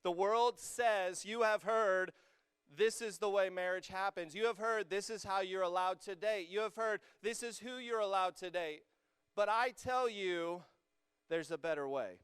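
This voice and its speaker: Energetic young male youth pastor, clear voice. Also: high-pitched, measured pace, no echo, studio quality. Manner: energetic, joking with the audience, rising to emphatic peaks. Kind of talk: sermon. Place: church hall with a student congregation.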